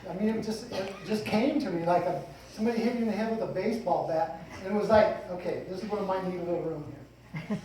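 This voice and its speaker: A man's voice: high-pitched, darkish tone. A middle-aged man giving a rambling, folksy eulogy for his father, mixing light humor with emotion. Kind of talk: funeral eulogy speech. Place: funeral hall. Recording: echoey hall, distant mic, faint noise.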